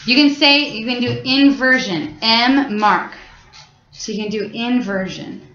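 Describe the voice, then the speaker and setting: A woman's voice: fairly high pitch, a little slow, a bit bright, faint music behind. Casual woman teaching a class. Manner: casual, explains with many fillers and restarts. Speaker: French teacher. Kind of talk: classroom lesson. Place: high school classroom. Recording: echoey classroom, dull lo-fi sound.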